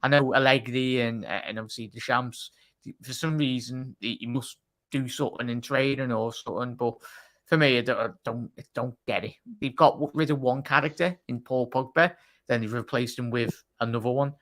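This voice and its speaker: A man's voice: medium pitch, fairly even intonation, moderate pace, a bit bright. A man as a guest on a football show, blunt and opinionated in casual chat. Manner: blunt, opinionated, says mate a lot.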